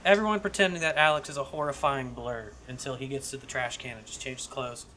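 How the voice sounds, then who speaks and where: A man co-hosting a podcast, casually pitching a comedy script with profanity and lots of restarts. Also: a little fast, a crowd in the background. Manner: rambling, profane, frequent restarts. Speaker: podcast co-host.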